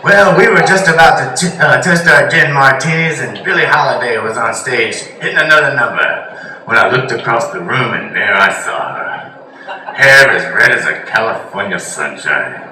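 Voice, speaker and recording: A man putting on the voice of an old grandfather slowly telling how he met his wife, deep and drawling, in an echoey bar recorded from afar. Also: animated, pushed and bright, a little hiss or hum. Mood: nostalgic. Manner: slow, deep, drawling storyteller. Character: old grandfather telling a nostalgic love story. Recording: echoey bar room, mic from far.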